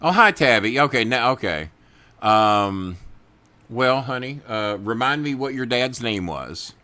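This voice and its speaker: A man's voice: medium pitch, expressive, a little slow. A middle-aged man hosting a podcast, ranting with heavy profanity and chatting with viewers. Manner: angry, profane, loud, talks to chat viewers. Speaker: podcast host. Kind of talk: profane political rant and casual chat.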